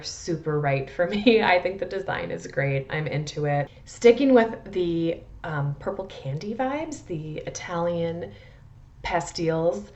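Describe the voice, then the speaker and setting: Chatty Midwestern woman, low and muffled. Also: a little mellow. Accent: American Midwestern. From Midwest USA. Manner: chatty, rambling, self-deprecating, frequent restarts. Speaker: perfume vlogger. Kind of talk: casual chatty review.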